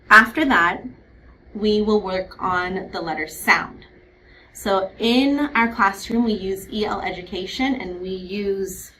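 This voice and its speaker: A woman kindergarten teacher walks parents through reading practice in a clear, patient voice. She slows down to model words and letter sounds carefully. A faint noise sits under the recording. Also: mid-range voice, a bit bright, rough recording. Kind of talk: instructional video for parents.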